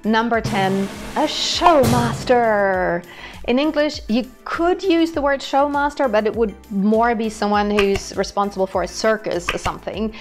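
A woman's voice: on the high side, a little slow. Young German woman, German accent, chatty language teacher, faint music underneath. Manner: chatty, explains with everyday examples. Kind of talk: explanatory video lesson.

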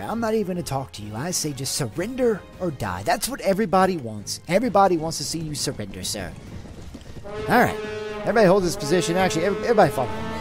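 A man hosting a let's play, commenting on his game with light roleplay and giving orders to his troops. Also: on the high side. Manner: animated, excitable, gives orders to troops. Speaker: gaming channel host.

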